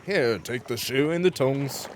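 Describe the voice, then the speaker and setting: A man voicing a busy village blacksmith in a video game with a rough put-on British accent, brisk and low. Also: a little hiss or hum, natural voice.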